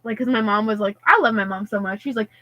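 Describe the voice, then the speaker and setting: A teenage girl chats casually, rambling through a story and leaning on "like" at every turn. Her voice sits a little high and sounds bright and forceful. The recording is close and dry. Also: quick pace, no echo, highs cut off. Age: teens. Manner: rambling, heavy use of "like" and "and stuff like that". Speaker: host telling a story. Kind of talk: casual chat.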